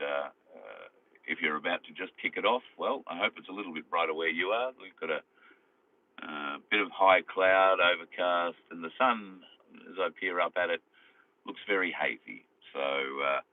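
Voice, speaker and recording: A deep-voiced Australian man rambles through a casual live chat, dotting his talk with fillers. He is speaking from his car while driving. His voice comes through a phone, thin and tinny like an old AM radio. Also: dry recording. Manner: rambling, chatty, many fillers. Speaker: live streamer. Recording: tinny phone-like sound over phone.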